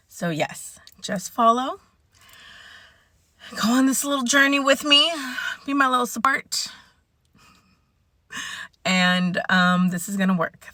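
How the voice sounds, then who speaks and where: Woman, 40s, vlogger; candid chatty rant; lower pitch, bright forceful tone. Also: no echo, studio quality. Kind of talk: casual vlog rant.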